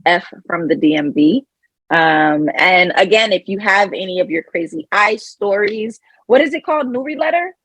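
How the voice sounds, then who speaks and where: A young adult woman co-hosting a podcast in casual chat, giggly and quick to laugh at her own jokes. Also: mid-range voice, animated, a bit bright, husky, no room sound, poor audio. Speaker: podcast co-host.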